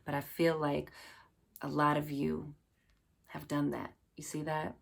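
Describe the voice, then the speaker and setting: Woman, tarot reader, low and heavily fried voice, rambling and chatty with her audience. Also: monotone, a little slow, gravelly. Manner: chatty, loose, filled with "like" and "you know", addresses listeners fondly. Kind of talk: casual tarot reading to viewers.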